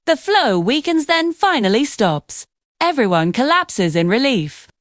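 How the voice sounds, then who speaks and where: A woman narrating a children's cartoon story with expressive, storytelling delivery. Her voice sits a little high and moves lively up and down. The sound is dry and close. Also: measured pace, no room sound.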